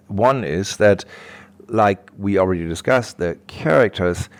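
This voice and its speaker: A middle-aged man, a guest on an interview podcast, explaining things patiently and thinking aloud as he goes. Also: on the low side. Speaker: guest expert.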